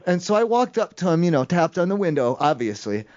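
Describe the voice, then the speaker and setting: A man's voice: sits high, very animated, fairly quick, darkish tone. Man, prank phone call, rambling storyteller, lots of fillers, muffled audio. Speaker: prank caller.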